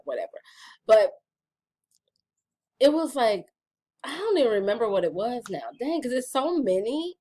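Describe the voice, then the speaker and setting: A middle-aged woman talks straight to her audience in a loose, playful vlog chat, teasing them as y'all. Her pitch swings widely and brightly from phrase to phrase, full of animation. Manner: chatty, playful, addresses viewers as y'all. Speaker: vlogger reading her gratitude journal. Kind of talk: casual chat.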